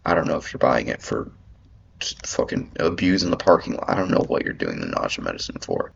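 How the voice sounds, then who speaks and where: A man's voice: low voice, vocal fry, breathy edge. A man ranting in rambling commentary as he reads an article aloud, swearing often and filling his talk with "like". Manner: rambling, profane, lots of "like" fillers. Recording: dull lo-fi audio.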